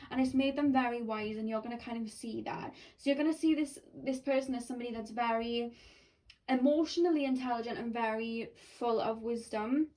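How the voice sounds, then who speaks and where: A woman's voice: a little high, mellow, distant mic. A woman giving a pick-a-card tarot reading, rambling and full of "like" and self-corrections. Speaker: tarot reader.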